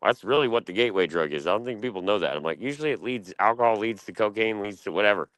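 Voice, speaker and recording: A man's voice: fairly low pitch, expressive, quick pace, fairly bright tone, no echo. A man from Delaware ranting casually and profanely on a podcast panel. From Delaware, USA.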